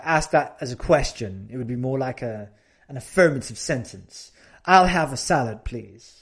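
Brief: male language-teacher host, unhurried delivery, relaxed and conversational. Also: fairly high pitch. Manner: relaxed, many fillers, demonstrates example phrases. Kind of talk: casual teaching chat mixing Spanish and English.

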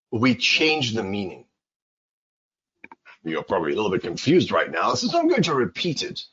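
A man giving an English pronunciation lesson, his voice swinging high and low as he repeats words to drive a point home. His tone is slightly husky, and the recording sounds dull and lo-fi. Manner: animated, repeats words for emphasis. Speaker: English teacher. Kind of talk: casual spoken lesson.

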